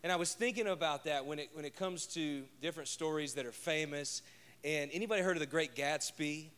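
A man's voice: a little high, brisk, fairly bright tone, smooth. A man preaching a conversational sermon as pastor, joking and telling stories from home. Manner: chatty and joking, tells personal stories.

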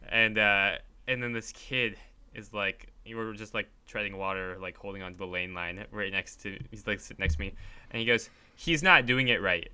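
A man's voice: on the low side, steady tone, moderate pace, pushed and bright, clear, resonant tone. A young man co-hosting a podcast, telling a story in casual chat, acting out quotes with a laugh. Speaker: podcast co-host.

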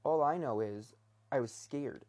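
A man's voice: medium pitch, a little slow, darkish tone. A young man rambling casually in his bedroom, talking hesitantly with many restarts and fillers. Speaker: vlogger.

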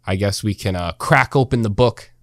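A young man hosting a casual podcast, relaxed and full of fillers, laughing often. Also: fairly low pitch, normal speed, dry recording, studio quality. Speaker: podcast host.

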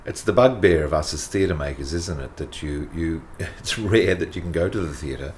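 A man's voice: extremely low pitch, expressive, normal speed, darkish tone, slight background noise. A man interviewing a theatre maker, asking curious questions and giving short prompts. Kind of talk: interview conversation.

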